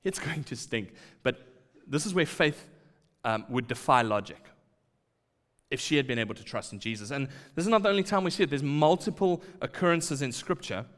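A man delivers a sermon in a hall with a long reverb tail. His pitch sits mid-range, and he acts out quoted lines and drops into hushed asides. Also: a little fast. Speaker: preacher.

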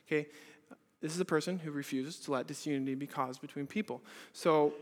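High-voiced earnest preaching man. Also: a little fast. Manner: earnest, many rhetorical questions, swings from loud to hushed. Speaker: pastor. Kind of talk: sermon. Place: church service. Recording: reverberant hall.

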